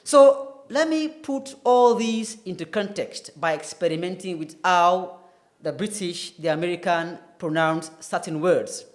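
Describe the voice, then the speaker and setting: The voice sits high and unhurried as a male English tutor leads a televised lesson. He explains things with care and spells each word letter by letter.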